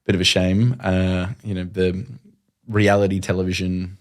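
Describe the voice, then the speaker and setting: A middle-aged male presenter, a guest telling stories in a quick, animated way and acting out his own past lines. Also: deep voice. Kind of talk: conversational storytelling.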